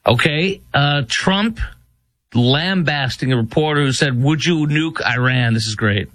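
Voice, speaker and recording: A man's voice: on the high side, unhurried, fairly bright tone, a little hiss or hum. A man hosting a casual commentary show, mocking and laughing as he reacts to clips. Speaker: show host.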